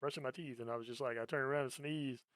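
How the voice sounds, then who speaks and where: A man hosting a podcast and chatting casually, his voice sitting at an ordinary middle pitch. He tells long, rambling stories, swears freely and laughs often. The sound is dry and close, with hardly any room around it. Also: fairly even intonation, fast talker, fairly bright tone, no room sound. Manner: profane, rambling storyteller who laughs a lot. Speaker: podcast host. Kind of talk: casual chat.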